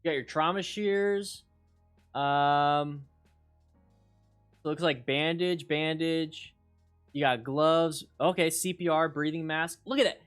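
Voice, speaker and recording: Excitable rambling man, slightly high voice. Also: takes it slowly, long pauses, clean tone, faint music behind. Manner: excitable, rambling, repeats himself, bursts of hype. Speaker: motorcycle riding instructor and channel host. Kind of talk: excited livestream chat with viewers.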